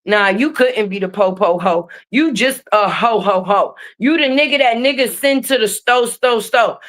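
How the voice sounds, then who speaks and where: A young adult woman streamer, ranting on a livestream in a profane, confrontational, animated way. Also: fairly high pitch, moderate pace. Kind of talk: livestream rant. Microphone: streaming mic.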